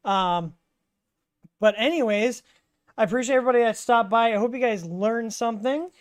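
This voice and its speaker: A woman hosting a casual live Q&A stream, talking in a relaxed, rambling way with many fillers and restarts. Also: a little high, normal speed. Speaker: livestream host answering 3D printer questions.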